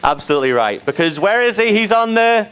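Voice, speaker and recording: A man's voice: sits high, fast talker, a crowd in the background, poor audio. A man leading a playful, interactive Bible lesson with volunteers, speaking into a handheld microphone. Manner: playful, animated, laughing teacher directing a skit. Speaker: youth teacher.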